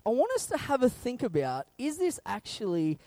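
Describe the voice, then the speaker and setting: A young man preaching a sermon, telling funny stories about fatherhood in a lively, playful way. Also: very high voice, normal speed, no echo. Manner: animated, humorous storytelling that acts out scenes.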